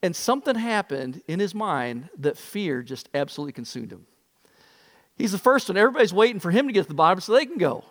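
Male pastor, high-pitched, animated sermon delivery, reverberant room. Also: fast. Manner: animated storyteller, acts out voices.

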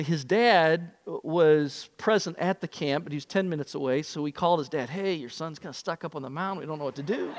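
High-voiced man preaching in a reverberant hall. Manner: animated storyteller, acts out voices. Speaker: pastor. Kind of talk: sermon.

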